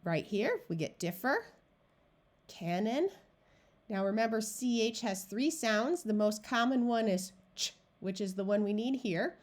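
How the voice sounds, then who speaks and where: A woman reading tutor giving a phonics lesson, sounding out practice words one at a time and explaining syllable rules. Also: medium pitch. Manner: slow, deliberate, clear word-by-word modeling.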